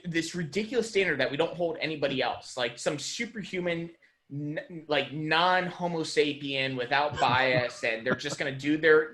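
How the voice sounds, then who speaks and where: A man's voice: fairly high pitch, a bit bright. A man co-hosting a podcast, arguing emphatically in casual political chat and swearing for emphasis. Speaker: podcast co-host.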